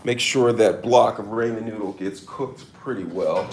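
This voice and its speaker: A man's voice: on the low side, a little slow, slight background noise. Man, cooking vlog, mock-serious, hammy, home kitchen, drifts from the mic. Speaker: cooking vlogger. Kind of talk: casual cooking demo to camera.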